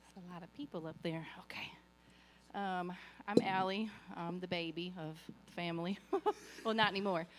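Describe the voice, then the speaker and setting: A woman's voice: on the low side, steady tone, normal speed, slight background noise. A woman giving a eulogy for her father, telling a family story with hesitant fillers and small laughs. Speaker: eulogy speaker, daughter.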